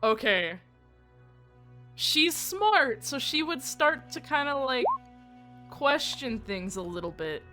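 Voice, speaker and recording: A woman playing a tabletop role-playing game, casually describing her character's actions and speaking her lines quietly. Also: high-pitched, big pitch swings, slow, pauses often, faint music behind. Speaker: player.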